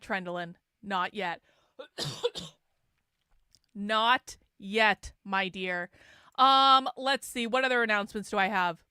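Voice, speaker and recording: A woman's voice: on the high side, pushed and bright, smooth, no echo, clean studio sound. A woman hosting a livestream, chatting casually and joking with her viewers. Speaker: livestream host.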